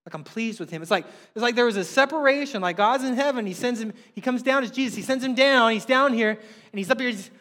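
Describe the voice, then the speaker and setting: A middle-aged man, a pastor, preaching a sermon in a conversational, animated way with emphatic rises. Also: very high voice, fast talker. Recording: long hall reverb.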